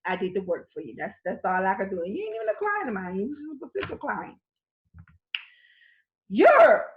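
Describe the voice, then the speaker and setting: A woman's voice: medium pitch, expressive, quick pace. An American woman vlogger talking casually and emphatically to camera about paying for college, gesturing with her hands as she talks. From United States. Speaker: vlogger giving college funding advice. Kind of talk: casual direct-to-camera talk. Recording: echoey room, dull lo-fi sound.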